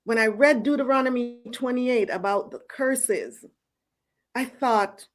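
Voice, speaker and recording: A middle-aged woman host telling her personal faith story in an earnest, storytelling way, with soft laughs now and then. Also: a little high, unhurried. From United States. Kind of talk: personal testimony.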